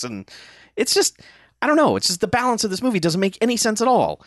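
A man's voice: high voice, huge pitch swings, quick pace, dry recording, clean studio sound. A man in casual podcast chat, ranting profanely about a movie. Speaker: podcast co-host.

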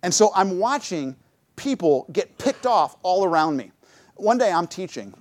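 Middle-aged man, church talk, animated pitch, dry close sound, storytelling. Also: a little slow, no room sound. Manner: lively storytelling, acts out his own quotes. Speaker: church speaker. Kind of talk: church talk with personal stories.

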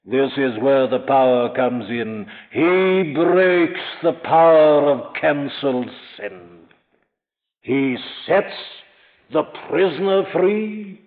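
Impassioned preacher on a tinny tape. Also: male voice, mid-range voice, takes it slowly. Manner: earnest, emphatic, rising to impassioned peaks; addresses listener directly. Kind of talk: sermon.

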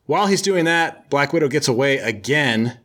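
A man's voice: medium pitch, expressive, normal speed, fairly bright tone. A man hosting, casually recapping a comic book with joking, sarcastic storytelling.

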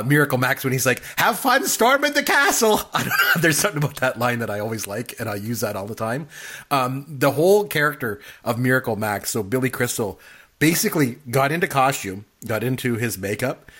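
Husky-voiced man chatting casually. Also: medium pitch, fairly quick. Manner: animated, acts out quotes in funny voices. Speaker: podcast co-host. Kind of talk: casual chat about a film.

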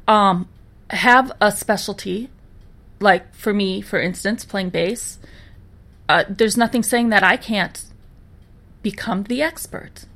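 A woman's voice: medium pitch, fairly bright tone. A woman with a Minnesotan accent, co-hosting a podcast in casual chat and laughing easily. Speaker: podcast co-host.

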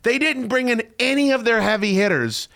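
A man hosting a podcast in casual chat, excitable and profane, often breaking into loud shouting. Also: very high voice, normal speed. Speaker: podcast host.

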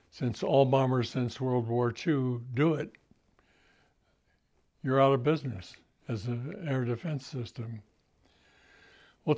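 An older man being interviewed, recalling past events slowly, with frequent fillers and restarts. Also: medium pitch, darkish tone. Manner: halting, many fillers and restarts. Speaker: interview guest.

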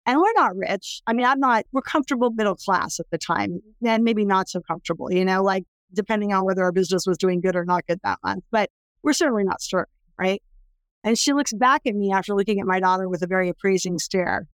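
A middle-aged woman from California, an anti-trafficking worker, is a guest in an interview, telling a personal story emphatically and intensely, building toward impassioned pleas. Her voice is mid-range and the recording is dry.

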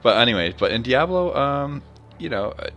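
A man's voice: medium pitch, very animated, normal speed, a bit bright, muffled recording. A man co-hosting a casual gaming podcast, easygoing and explaining game details at length. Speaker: podcast co-host.

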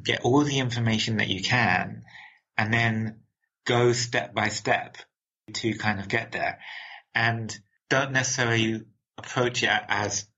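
An upbeat man from England whose accent sits between London and American, answering interview questions with frequent laughs and repeated words. His voice is bright and forceful but a bit husky. The audio is dull and lo-fi. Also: mid-range voice, steady tone, a little slow. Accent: mixed London and American. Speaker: interview guest.

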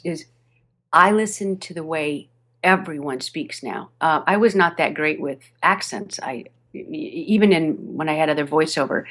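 A woman with a fairly low voice talks about her narration work in a relaxed interview. She speaks animatedly, laughs often and restarts her sentences as she goes. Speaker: audiobook narrator. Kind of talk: podcast interview chat. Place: home studio over a video call.

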